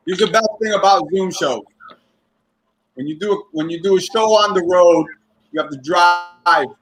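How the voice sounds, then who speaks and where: A somewhat high-voiced man doing a rambling stand-up set from home over a computer microphone. He swears freely and keeps breaking into laughter at his own lines. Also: a bit bright, low-quality recording. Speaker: stand-up comedian. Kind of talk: stand-up set on a video call show. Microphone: computer microphone on a video call.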